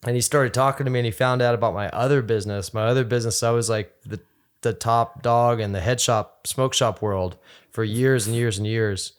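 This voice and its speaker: A man, a podcast guest, telling a long story in a rambling, animated way, full of restarts and fillers. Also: mid-range voice, brisk, smooth. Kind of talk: casual storytelling interview.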